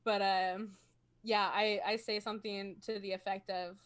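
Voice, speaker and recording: A woman's voice: medium pitch, flat delivery, moderate pace, fairly bright tone, clean tone. A woman talking casually as a role-playing game player on a video call, chatty and self-conscious, laughing often. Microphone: home streaming microphone.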